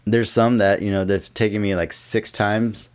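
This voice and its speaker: Podcast guest, man, fairly low voice, laid-back, cusses a lot. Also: fairly even intonation, moderate pace, clean tone. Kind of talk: casual podcast chat.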